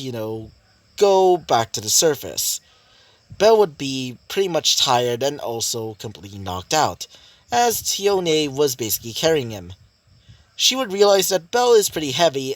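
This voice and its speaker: Male story narrator, loose and rambling, with a lively, bouncing pitch and a dry, close sound. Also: no room sound. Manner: rambling, full of fillers like "basically" and "you know". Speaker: YouTube storyteller. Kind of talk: casual fan-fiction story narration.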